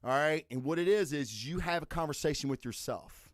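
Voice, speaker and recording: A man's voice: mid-range voice, lively intonation, moderate pace, few pauses, no echo, clean studio sound. A man hosting a podcast who delivers a profane, emphatic motivational rant and keeps checking in with "okay?" after his points. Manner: asks "okay?" and "all right?" after points. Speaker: podcast host.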